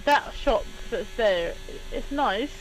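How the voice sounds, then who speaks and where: A young woman chatting casually on a live stream, rambling and animated, laughing often. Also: on the high side, takes it slowly, slight background noise, low-quality recording. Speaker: stream co-host. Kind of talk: casual chat.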